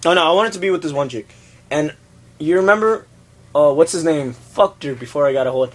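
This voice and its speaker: A young man co-hosting a casual, crude chat show, animated and laughing, jumping between topics. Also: a little high, a little fast. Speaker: podcast co-host.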